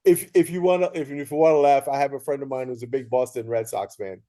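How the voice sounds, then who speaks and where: A man hosting a casual interview, telling lively anecdotes and acting out what people said. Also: medium pitch, quick pace. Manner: animated storyteller, acts out quoted voices. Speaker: host.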